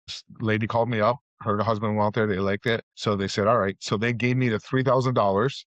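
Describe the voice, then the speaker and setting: A man's voice: fairly low pitch, steady tone, fairly quick, dry recording. A middle-aged man, a real estate guest, telling loose, rambling stories full of fillers and restarts. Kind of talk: casual storytelling interview. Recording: dull, muffled audio.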